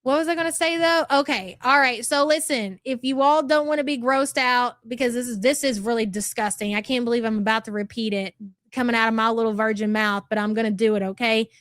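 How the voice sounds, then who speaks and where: A woman's voice: a little high, fairly even intonation, brisk, a bit bright, no echo, clean studio sound. A woman hosting a casual livestream, gossiping and thanking viewers for super chats. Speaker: livestream host. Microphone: desk microphone.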